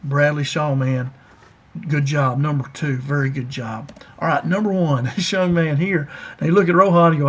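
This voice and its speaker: A man running through his team's top players in a casual, folksy rundown. He is enthusiastic and addresses his viewers directly, and his voice sits a touch higher than most men's. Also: moderate pace. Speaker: college football fan commentator. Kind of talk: casual sports breakdown.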